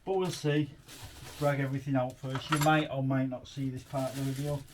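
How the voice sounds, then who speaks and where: A man talks through an unboxing in a relaxed, rambling way, thinking out loud between pieces. He is recorded in his garage workshop. Clear background noise and clicks sit under his voice. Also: mid-range voice, brisk. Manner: chatty and rambling, thinks aloud. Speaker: tool reviewer. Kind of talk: casual chat while unboxing.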